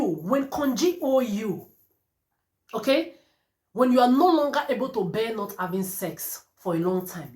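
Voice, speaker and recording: A woman delivering a defiant, profane rant to camera. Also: mid-range voice. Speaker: vlogger. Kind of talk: angry monologue to camera. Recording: roomy echo.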